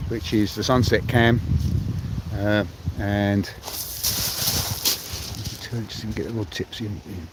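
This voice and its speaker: A man's voice: on the low side, steady tone, slow pace, long pauses. A man rambling in friendly chatter to live-stream viewers while fishing outdoors on a beach. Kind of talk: casual live-stream chat. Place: outdoors on a shingle beach by the sea. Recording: loud wind and surf outdoors.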